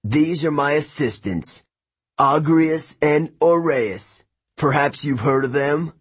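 A man reading an audiobook voices a smooth, mocking young male villain. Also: on the high side, slow, no echo, pitched above the performer's own voice.

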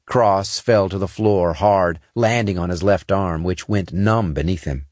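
Deep-voiced man narrating an action audiobook. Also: unhurried, no room sound, studio quality. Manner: steady, dramatic action reading.

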